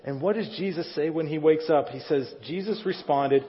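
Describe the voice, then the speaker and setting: A male pastor's voice, on the high side and at a moderate pace, carries through a reverberant church sanctuary as he preaches a sermon. He keeps it conversational, asking the congregation questions, and the recording sounds dull.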